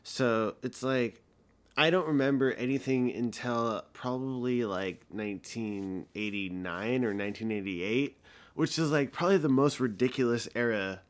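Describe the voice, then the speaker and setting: A man's voice: mid-range voice, moderate pace. A man in his thirties hosting a podcast, telling a story in a casual, rambling, heated way with plenty of swearing. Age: 30s. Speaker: podcast host.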